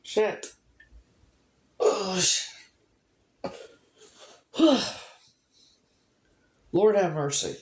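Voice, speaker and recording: A woman talks slowly and unhurriedly on a phone livestream, full of sarcasm and curses. Her voice sits in a roomy, echoing space. Casual chat with her viewers. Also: medium pitch, big pitch swings. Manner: sarcastic, heavy swearing. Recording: roomy echo.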